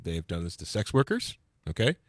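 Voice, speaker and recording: A man's voice: deep voice, huge pitch swings, moderate pace, no room sound, clean studio sound. A man co-hosting a casual political podcast, talking in a rambling way and getting worked up. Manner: rambling, gets worked up and loud. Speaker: podcast co-host.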